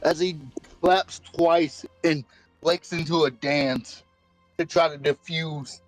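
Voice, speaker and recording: A man playing a tabletop game, playful and deadpan, swearing casually. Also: a little high, takes it slowly, no room sound, soft background music, low-quality recording. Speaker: player. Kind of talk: tabletop role-play chat.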